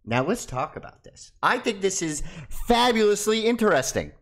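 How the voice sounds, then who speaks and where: Excitable crypto video host, lively man. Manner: excitable, swearing, goes loud and high when hyped. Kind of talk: casual talk to camera.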